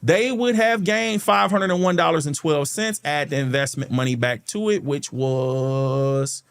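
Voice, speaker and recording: His voice sits a little high and sounds creaky yet smooth, with an unhurried pace. As host of a stock market channel, he walks viewers through charts on a shared screen in a conversational tutorial, repeatedly checking in with "okay" and calling them "guys".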